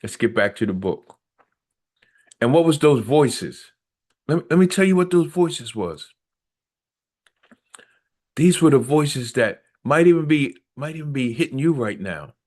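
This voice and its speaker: A man's voice: medium pitch, expressive, measured pace, pauses often, darkish tone. A middle-aged man reads his own memoir aloud and breaks off to preach on it. He speaks with earnest, repetitive, preacher-like emphasis. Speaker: author reading his memoir.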